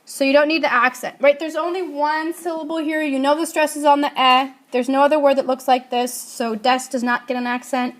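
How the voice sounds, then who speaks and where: A woman's voice: high voice, fairly even intonation, a little fast, few pauses. A woman teaching a Spanish grammar lesson, asking her class questions and answering them herself.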